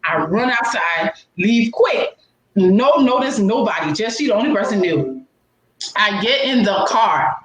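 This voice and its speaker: A woman's voice: a little slow, echoey room, rough recording. A woman telling a funny, embarrassing story in a casual chat, with big swoops in her voice. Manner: animated, laughing storyteller with swooping pitch. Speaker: co-host.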